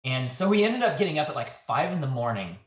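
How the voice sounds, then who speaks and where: A man's voice: very animated, fast talker, lo-fi sound. A man telling a story in a casual livestream chat, laughing often. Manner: laughing storyteller, jumps high when quoting. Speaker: guest artist. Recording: roomy echo.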